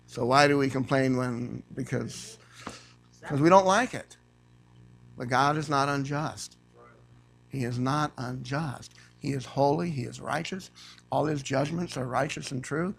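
A man preaching a sermon to a church congregation. He reads scripture aloud and rises to loud, emphatic preaching. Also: medium pitch, measured pace, vocal fry, husky. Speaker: guest preacher.

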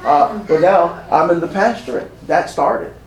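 A man's voice: a little high, unhurried, reverberant, far from the mic, rough recording. A man preaching a sermon as pastor, building his points with emphasis and repetition.

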